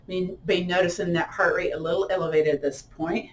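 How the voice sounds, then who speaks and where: Middle-aged female yoga teacher, lower voice, gentle guided meditation with counted breaths. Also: fairly even intonation. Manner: slow, soothing cues with counted breaths. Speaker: yoga and tai chi instructor.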